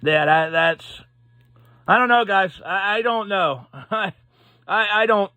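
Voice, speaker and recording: A man's voice: sits high, expressive, sharp tone, dry recording. A man giving a casual, profane, exasperated hockey rant as a sports commentator, stumbling over his words. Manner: profane, exasperated, halting restarts. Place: Pittsburgh.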